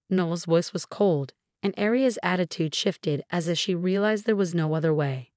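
A woman giving scripted narration of a personal story in an even, steady manner. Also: lowish voice, unhurried, few pauses, no room sound, studio quality.

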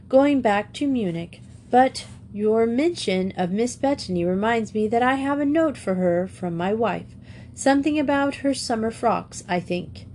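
A woman voicing a polite, genial middle-aged gentleman in a storybook reading. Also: medium pitch, slight background noise, close to an everyday voice.

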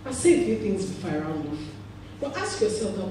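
A woman pastor with a Nigerian accent preaching a sermon, telling stories with animated laughter. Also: mid-range voice, a little fast, slight background noise. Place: church hall. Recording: echoey hall, voice from far off.

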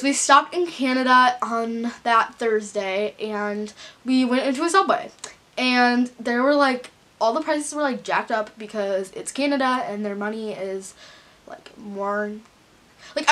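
A woman's voice: on the high side, a bit bright. A teenage girl from the United States telling a casual storytime vlog, gushing and saying "like" constantly. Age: teens. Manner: gushing, filler-heavy, with many "like"s. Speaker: vlogger.

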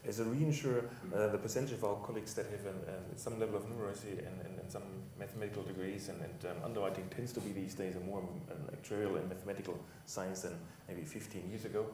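A man with a very low voice explains his points on a conference panel in a measured way, pausing on hesitant fillers. He is heard from a distance in an echoing hall, with faint ambience underneath. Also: fairly even intonation, mellow, slight background noise. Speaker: reinsurance executive panelist. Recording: roomy panel hall from far off.

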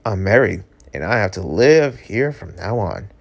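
Brief: man reading a romance comic aloud, casual, jokey, animated reactions. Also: normal speed, vocal fry. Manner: animated, jokey, yelps high on surprise. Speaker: channel host reading a webcomic aloud.

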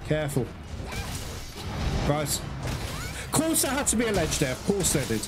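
A man's voice: on the high side, wildly swooping pitch, a little slow, long pauses. A man doing let's-play commentary, exasperated and swearing often as he talks to his viewers. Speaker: gaming channel host. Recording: loud game music behind voice.

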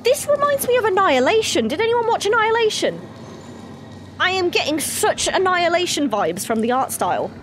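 Excitable sweary woman streamer. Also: very high voice, brisk, slight background noise. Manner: excitable, sweary, chatty with chat. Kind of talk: horror game commentary.

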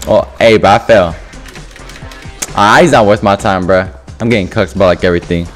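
A man giving animated gameplay commentary over voice chat, swinging between mumbled asides and loud yelling. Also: sits low, normal speed, faint music behind. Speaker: gaming YouTuber.

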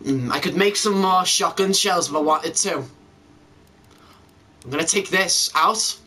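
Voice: medium pitch, measured pace, sharp tone, far from the mic. A gamer giving let's-play commentary during a horror game, talking to themself and to viewers and swearing when startled.

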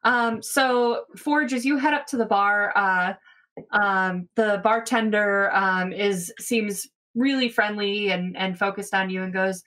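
A woman's voice: mid-range voice, fairly even intonation, slow pace, pushed and bright. A woman narrating a tabletop game as game master in an easygoing way. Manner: easygoing, many fillers.

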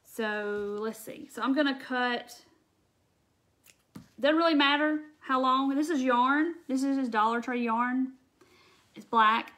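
A woman's voice: sits high, takes it slowly, long pauses, pushed and bright. Chatty woman teaching crafts. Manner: chatty, addresses viewers directly and answers comments. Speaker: craft tutorial host. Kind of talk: live crafting demonstration.

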